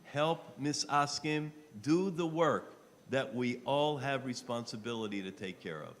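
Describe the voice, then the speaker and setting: A man making an impassioned fundraising appeal on a live telethon, pleading and rising to shouts. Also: medium pitch, a little slow, big-room sound, slight background noise. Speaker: rabbi appealing for donations. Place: telethon studio.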